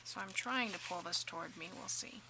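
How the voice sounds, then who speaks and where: A woman hosting a casual crafting tutorial, chatting and joking at herself, dropping to soft mutters while she works. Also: on the low side, a little fast, vocal fry, heavy background noise. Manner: chatty, self-deprecating, mutters softly while working.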